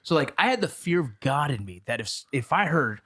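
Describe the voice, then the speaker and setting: A man in his thirties hosting a podcast, telling stories casually, animated and full of profanity. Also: mid-range voice, brisk, breathy edge. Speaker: podcast host. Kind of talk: casual conversation.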